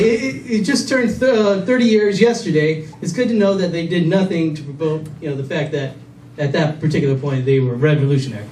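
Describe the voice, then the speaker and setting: A man with a fairly high voice works through a stand-up set, rambling and self-mocking, stumbling over restarts. He is caught from far back in the club, so his voice sounds distant and roomy. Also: a little mellow, slight background noise. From Illinois. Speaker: stand-up comedian. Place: comedy club stage with a laughing audience. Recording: echoey club audio from a distant camera.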